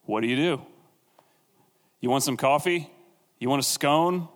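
A man's voice: mid-range voice, unhurried, in a large hall. A man teaching a casual, conversational sermon on the Bible, with jokey asides and acted-out quotes.

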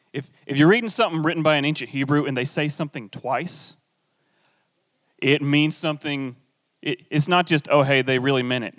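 Playful man preaching in a reverberant hall. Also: a little high. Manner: playful, animated teacher with asides to the audience. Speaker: pastor. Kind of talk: sermon.

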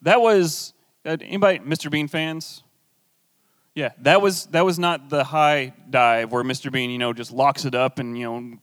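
A young man preaching a sermon, teaching in an animated, playful way with jokes and asides to the congregation. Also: mid-range voice. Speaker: pastor. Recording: long hall reverb.

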